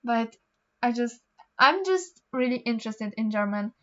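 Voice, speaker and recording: A woman's voice: fairly high pitch, lively intonation, a little slow, bright, forceful tone, highs cut off. A teenage girl with a Polish accent, rambling casually through homework with lots of ums and restarts. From Poland. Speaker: vlogger. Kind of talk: casual chat while doing homework.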